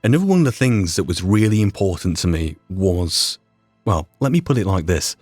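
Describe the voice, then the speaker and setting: Soft music plays behind a young man with a Yorkshire accent as he rambles through a relaxed podcast retrospective, self-deprecating and mildly sweary. A podcast host and mod creator, he has a deep, sing-song, slightly mellow voice at a moderate pace, with no room sound.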